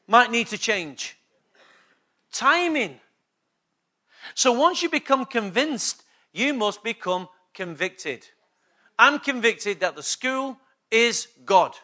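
A man preaching a sermon with a high, bright voice. He hammers his points home through repetition and keeps asking the room for agreement. His delivery is emphatic, as a pastor addressing his own congregation. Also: big pitch swings, slow pace, pauses often. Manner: emphatic preaching with repeated call-and-response questions.

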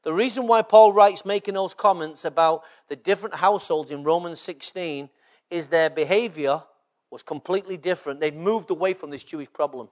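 High-pitched preaching man. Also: brisk. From England. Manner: preaches with frequent rhetorical check-ins to the congregation. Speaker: pastor. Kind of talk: sermon.

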